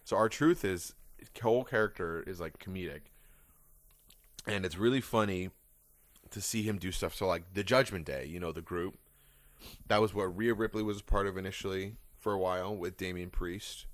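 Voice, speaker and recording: A man's voice: deep voice, moderate pace, dry recording, clean studio sound. A man co-hosting a casual podcast chat, an enthusiastic fan who explains things eagerly with frequent fillers. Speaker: podcast co-host.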